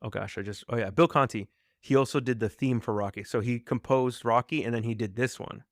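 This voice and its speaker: A man hosts a relaxed podcast chat over a video call. He talks in a loose, chatty way, laughs easily and quotes lines as he goes. His voice sits in the middle of the usual range and sounds close and dry. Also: medium pitch, fairly quick, no room sound. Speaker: podcast host. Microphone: video call mic.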